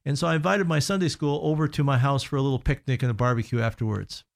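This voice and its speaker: Earnest man telling stories, halting. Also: mid-range voice, gravelly. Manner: earnest, halting with frequent restarts and fillers. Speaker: guest consultant. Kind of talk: casual radio storytelling.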